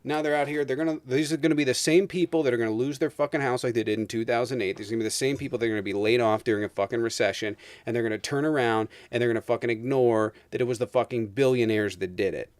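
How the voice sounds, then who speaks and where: A man's voice: mid-range voice, rapid-fire, few pauses, darkish tone, no room sound. A man in his thirties hosting a livestream, ranting emphatically about politics with heavy swearing. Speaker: streamer host. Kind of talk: heated political rant on a livestream.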